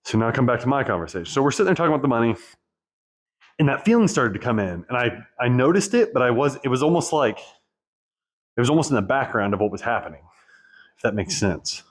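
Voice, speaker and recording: A man speaks at an ordinary middle pitch, working through his thoughts aloud. His talk rambles and circles back on itself, blunt and profane, as he coaches divorced men from his own experience. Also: very animated, brisk. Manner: rambling, profane, self-reflective. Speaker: divorce coach and channel host. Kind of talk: candid personal monologue.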